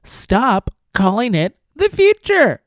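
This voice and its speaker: This is a man putting on an indignant woman's voice, reading a scornful statement at a crawl. The drawn-out, mocking delivery rises and falls widely in pitch. The sound is close and dry. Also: wildly swooping pitch, dry recording, heavily acted.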